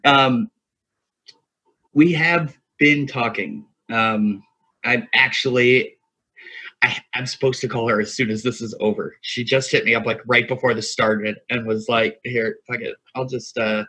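A man's voice: medium pitch, fairly even intonation, measured pace, bright, forceful tone, husky. A man in his thirties telling a long story in casual podcast chat, rambling, swearing freely and laughing often. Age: 30s. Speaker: podcast co-host. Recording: single USB mic, lo-fi.

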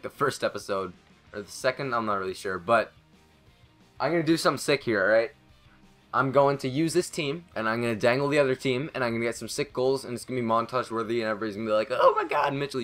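A young man giving live commentary over a video game, excitable and rambling, swearing often and talking to himself. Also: medium pitch, fast talker, faint music behind. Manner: excitable, swears a lot, rambling self-talk. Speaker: gaming commentator.

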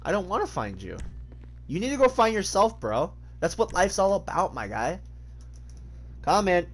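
With a high, sing-song voice at a moderate pace, a man keeps up loose commentary while streaming a game, cracking jokes, cursing freely and laughing frequently.

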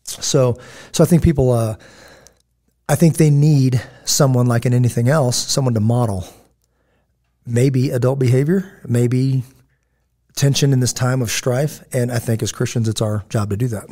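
A man's voice: medium pitch, moderate pace, dark tone. A middle-aged man hosting a podcast, telling stories in a casual, digressive way and acting out the people he quotes. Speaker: podcast host. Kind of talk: casual storytelling chat.

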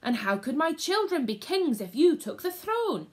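A woman's voice: sits high, very animated, normal speed, pitched above the performer's own voice. A woman voicing a cautious, loyal warrior who speaks urgently in a read-aloud story. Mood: questioning.

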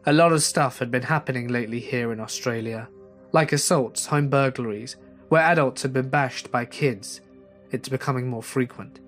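A man's voice: mid-range voice, fairly bright tone. Man narrating a creepy story. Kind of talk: scripted horror story narration. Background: faint music.

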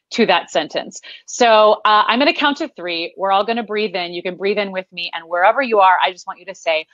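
A woman's voice: medium pitch, a little fast, few pauses, a bit bright, no echo, dull audio. Midwestern American woman leading voice drills. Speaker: voice coach. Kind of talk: guided vocal exercise.

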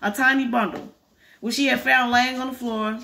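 A woman's voice: on the high side, steady tone, moderate pace, creaky, bright, forceful tone. A woman reading a storybook chapter aloud, carefully, restarting on hard words. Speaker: reader.

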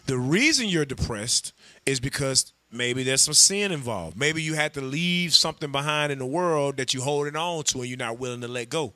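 A man teaching a scripture class, animated and joking, calling on others to read. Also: medium pitch, moderate pace, dry recording. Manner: animated, humorous, calls on readers. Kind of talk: sermon.

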